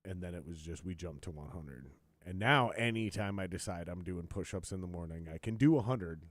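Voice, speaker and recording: A man hosting a podcast, telling stories in a profane, ranting way and loudly acting out what others said. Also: sits low, fairly quick, no echo. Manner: profane, ranting storyteller, quotes others in raised voice. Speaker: podcast host. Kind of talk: casual chat.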